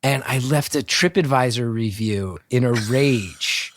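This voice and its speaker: On a video call, a North Jersey man tells a long, self-deprecating anecdote as a guest storyteller, swearing freely and doing the voices of the people involved. His voice sits in the mid-range with a measured pace, and there's slight background noise.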